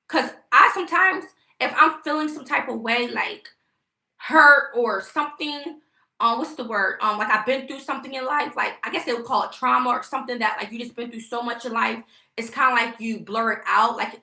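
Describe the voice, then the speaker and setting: Young woman, livestream vent, indignant and rambling; bright high voice with some fry, echoey room. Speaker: vlogger live-streaming. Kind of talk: casual livestream venting.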